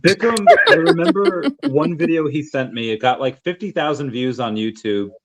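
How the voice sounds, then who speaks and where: A man hosting a podcast in casual chat, retelling a story in a relaxed way and pausing to search for words. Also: on the high side, gravelly, a loud crowd. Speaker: podcast host.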